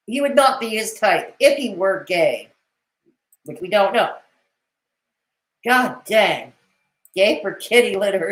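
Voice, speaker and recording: A woman's voice: mid-range voice, fairly bright tone, echoey room, rough recording. A woman commentating on a live stream, with sarcastic, mocking and cutting remarks.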